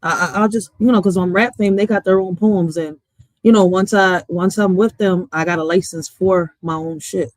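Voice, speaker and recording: A woman's voice: on the low side, steady tone, normal speed, no room sound. Thirties woman streamer, loose profane chat, laughs a lot, dry close sound. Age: 30s. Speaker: poet and streamer. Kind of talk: casual chat to viewers.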